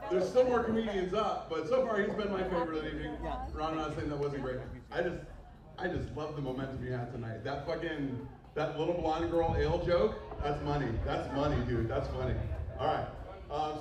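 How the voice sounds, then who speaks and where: A man hosting an open mic comedy night, chatting loosely between acts. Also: on the high side. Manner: loose, chatty emcee patter. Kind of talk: emceeing a comedy show. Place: bar with live audience. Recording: echoey bar, far from the mic, crowd noise.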